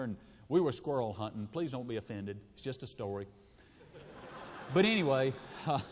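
A man's voice: mid-range voice, a little mellow. A middle-aged man, telling a homespun story in a sermon as a preacher, folksy and chuckling. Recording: reverberant hall.

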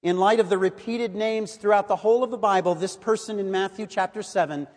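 A man preaching a sermon in a measured, earnest way, reading and explaining scripture. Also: high-pitched. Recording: long hall reverb.

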